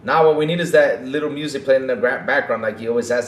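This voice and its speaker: A man's voice: medium pitch, quick pace, few pauses, roomy sound. A man hosting a gaming podcast in a casual, mocking rant, often tacking "though" onto his sentences.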